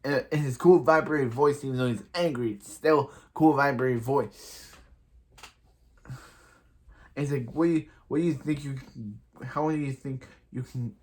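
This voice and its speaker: A man's voice: medium pitch, moderate pace, long pauses, a little mellow. A man recapping a TV episode in a casual, rambling way, with many restarts and filler words. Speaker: show reviewer.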